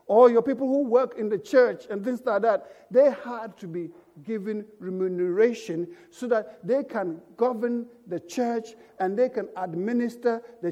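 A man's voice: very high voice, warm tone, dull audio. A man preaching a sermon as pastor, emphatic and calling out for amens from the congregation. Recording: echoey church hall.

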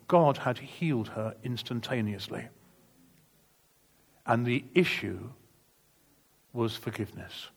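A man's voice: medium pitch, measured pace, creaky, long pauses, breathy edge. Earnest man preaching a sermon. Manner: earnest, emphatic testimony with vivid retold dialogue. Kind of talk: sermon storytelling.

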